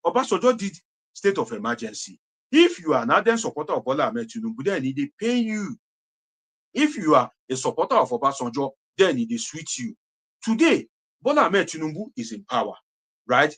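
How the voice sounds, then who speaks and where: A Nigerian man delivers impassioned political commentary, preachy and repetitive, repeating phrases for emphasis and mixing in Pidgin. His fairly high voice is a bit bright and slightly rough.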